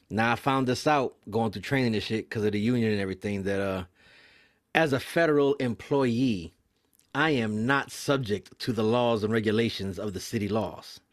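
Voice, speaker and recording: Speaking at a medium pitch, a young man recounts his mail carrier work in a lively, foul-mouthed podcast story. He voices the other people in rapid impressions, keeping the tone casual.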